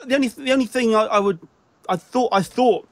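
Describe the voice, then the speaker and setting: A man's voice: very high voice, fairly quick. A British man hosting a casual chat about music, often stopping and restarting his sentences. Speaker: show host.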